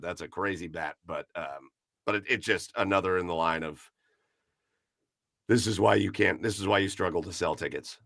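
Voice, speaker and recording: A man hosts a casual sports podcast with a gravelly, forceful voice that sits a little low. He rants with animation and swears now and then. The sound is dry and close. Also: lively intonation, a little fast, no room sound. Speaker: podcast host. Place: garage.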